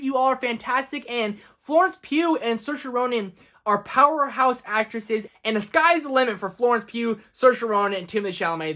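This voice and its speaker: A man's voice: extremely high pitch, pushed and bright. A young man counting down his favorite films in a casual vlog, gushing and emphatic. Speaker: film reviewer.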